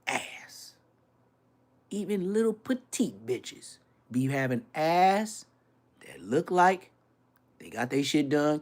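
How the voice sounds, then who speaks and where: A man from Florida, a YouTuber, ranting casually with brash, profane talk and quick mimicry of other people. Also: mid-range voice. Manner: animated, brash, swearing, mimics others' voices.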